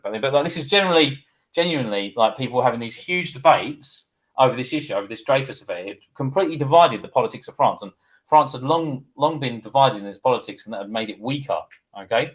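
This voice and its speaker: Male teacher, mid pitch, casual lecture voice that keeps asking "okay?". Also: lively intonation, fast talker, poor audio. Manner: chatty, digressive, addresses viewer with "okay?". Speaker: history teacher. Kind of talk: informal history lesson.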